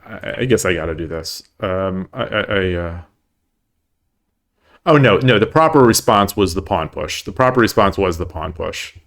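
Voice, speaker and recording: A man with a slightly low voice talks through his online games at home on a live stream. He rambles and stumbles, repeating words as he thinks aloud. He keeps making light of his own losing run. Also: animated, moderate pace, fairly bright tone. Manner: self-deprecating about his losses. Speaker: shogi streamer. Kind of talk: live-stream commentary while playing.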